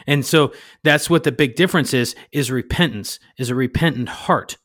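Podcast host, man, mid pitch, rambling scripture retelling, dry close sound. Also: moderate pace, a bit bright, no room sound. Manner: rambling, searches for words, paraphrasing. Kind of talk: casual Bible discussion.

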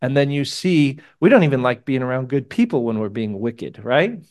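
A man's voice: medium pitch, sing-song, moderate pace, darkish tone. A man preaching a sermon to a live congregation in a conversational, emotional way, asking his listeners questions. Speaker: pastor.

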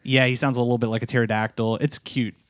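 A man of middling pitch tells a personal story, sounding tired. He halts, repeats himself and restarts his sentences. The sound is dry and close. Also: level tone, no echo. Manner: halting, repeats words and restarts often. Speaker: podcast co-host, new father.

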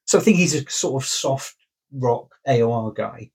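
Husky-voiced male co-host, wry and understated. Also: medium pitch, expressive, normal speed, a little mellow. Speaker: podcast co-host. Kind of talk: casual chat.

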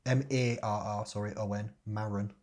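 A man's voice: on the low side, fairly even intonation, moderate pace, darkish tone. A man co-hosting a casual chat, talking freely, laughing often and stumbling over words as he reads out a list.

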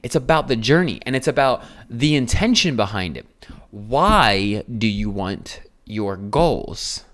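Speaking unhurriedly in an expressive, fairly bright mid-range voice, a podcast-hosting coach from New Jersey rambles casually. His monologue is emphatic and repetitive, peppered with swearing and rhetorical questions.

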